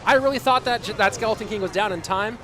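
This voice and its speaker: A man casting a live esports match, excitable and rambling, with chatty asides to the viewers. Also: high-pitched, quick pace, background noise. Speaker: esports caster and streamer. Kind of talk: live esports commentary with chat reading.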